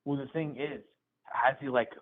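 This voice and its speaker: A male caller with a low voice defending his views on a phone call, hesitant and often restarting his sentences. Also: fairly even intonation, normal speed. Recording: tinny phone line.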